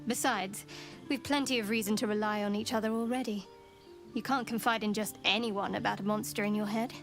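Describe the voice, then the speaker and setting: An actress voicing a guarded, cool young woman companion who speaks in a measured way. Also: mid-range voice, steady tone, natural voice. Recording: game audio with music behind.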